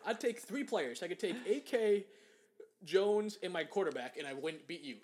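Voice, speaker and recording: A young man with a high-pitched voice rants about sports in a casual chat. He is angry and profane, and he mocks people in put-on voices. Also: lively intonation, normal speed, a little mellow, a little hiss or hum. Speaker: podcast co-host.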